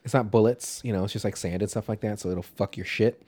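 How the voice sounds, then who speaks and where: A man's voice: lowish voice, fairly even intonation, fast talker, warm tone, breathy edge. A man co-hosting a casual movie podcast, rambling and swearing freely as he talks. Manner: rambling, swears, trails off and restarts. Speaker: podcast co-host.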